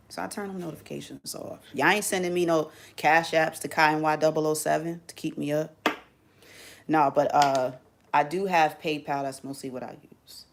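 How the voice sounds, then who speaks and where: A woman with a low, gravelly voice talks straight to her viewers in a casual livestream chat. She is animated and slangy and keeps the talk loose. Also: a little fast, a little hiss or hum. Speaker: live streamer.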